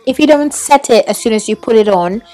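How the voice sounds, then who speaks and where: A woman's voice: fairly high pitch, lively intonation, fairly quick, mellow, faint music behind. A young woman narrating a makeup tutorial voiceover in a put-on British accent, chatty with some ums and self-corrections.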